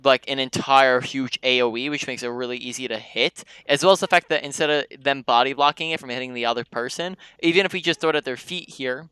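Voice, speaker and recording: Bright, crisp-voiced male game coach. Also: mid-range voice, brisk, hardly any pauses, no echo. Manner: explanatory, restarts sentences, frequent ums. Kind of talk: coaching session over gameplay review.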